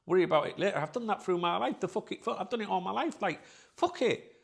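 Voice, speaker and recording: A man's voice: high-pitched, lively intonation, fairly quick, gravelly, fairly bright tone, breathy edge. A middle-aged man, hosting his own channel and talking bluntly and candidly to his viewers, sweary and rambling. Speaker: channel host.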